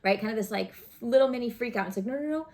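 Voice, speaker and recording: A woman gives a casual tarot reading to camera in a slightly high, slightly mellow voice, talking fast with a steady tone. Chatty and earnest, she coaches and encourages, frequently checking in with "right?" and "okay?"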